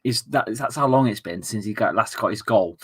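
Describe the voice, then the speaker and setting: Chatty bloke, lowish voice. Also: male voice, lively intonation, brisk, fairly bright tone, husky. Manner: chatty, reads viewer messages aloud, laughs often. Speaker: football streamer. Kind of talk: casual live-stream chat.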